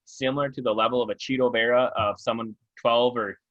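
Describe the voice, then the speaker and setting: Male podcast co-host, crisp bright tone, playful and jokey. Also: mid-range voice, steady tone, fairly quick, dull audio. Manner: joking, playful, laughs at his own jokes. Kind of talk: casual chat about MMA.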